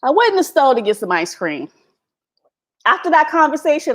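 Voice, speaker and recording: High-voiced and very animated, she talks fast with a fairly bright tone. The American vlogger is live-streaming from home, laughing often as she delivers a brash, profane, unscripted rant to her viewers. She uses the laptop's built-in microphone.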